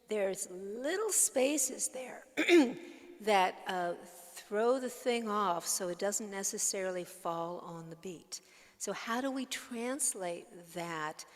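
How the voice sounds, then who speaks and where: A woman's voice: mid-range voice, expressive, slow, long reverb tail. A woman teaching ukulele over a video call, patiently explaining step by step and humming and counting along. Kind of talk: online music lesson.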